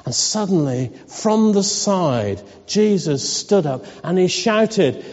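A man's voice: high voice, lively intonation, slow pace, few pauses, darkish tone. A man giving a sermon in a wry, conversational storytelling manner. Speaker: preacher. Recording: dull recording in a reverberant hall.

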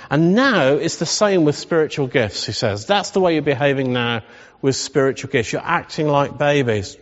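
A man with a somewhat high voice delivers a humorous, conversational sermon and keeps asking the congregation questions. His voice carries a long hall reverb, and the sound is a little dull. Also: animated, moderate pace. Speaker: pastor.

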